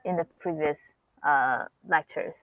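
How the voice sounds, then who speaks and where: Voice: medium pitch, a little slow, dry recording. A teacher running an online class who talks politely and hesitantly, with many fillers. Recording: tinny phone-like call audio.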